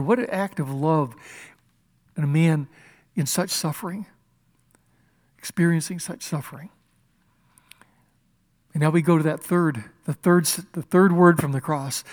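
Male pastor preaching, fairly high voice; impassioned delivery that swings between loud emphasis and near-whispers. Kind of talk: sermon. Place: church.

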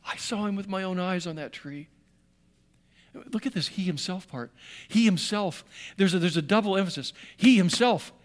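A man preaching a sermon, swinging from hushed tones to loud emphasis and repeating phrases to drive them home. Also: high-pitched, fairly quick.

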